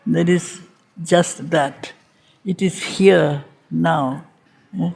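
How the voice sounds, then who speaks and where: A woman's voice: deep voice, drawn-out words, vocal fry, a little mellow, breathy edge. A woman teaching a reading group, giving a spiritual lecture on a poem and repeating phrases for emphasis. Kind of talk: slow spiritual lecture on poetry.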